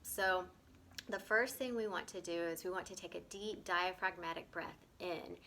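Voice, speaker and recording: A woman teaching a gentle breathwork lesson, often pausing to check in with "okay?" and repeating words as she explains. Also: fairly low pitch, fairly even intonation.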